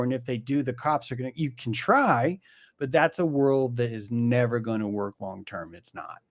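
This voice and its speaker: A man's voice: a little high, no echo, clean studio sound. A man as a guest, talking in a profane, ranting way in an opinionated conversation.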